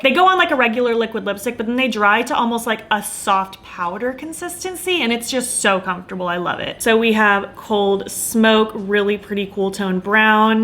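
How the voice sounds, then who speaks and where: A woman's voice: a little high, fairly bright tone. A young adult woman chatting in a casual beauty vlog, bubbly and enthusiastic, her voice a bit tired from hours of filming. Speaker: beauty vlogger.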